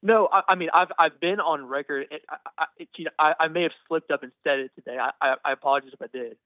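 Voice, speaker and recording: A man's voice: on the high side, fast talker, no room sound. A young man calls in over a thin, tinny phone line. He speaks earnestly, tripping over and repeating his words, and his voice sits dry and close. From Texas. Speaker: caller. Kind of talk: phone-in conversation.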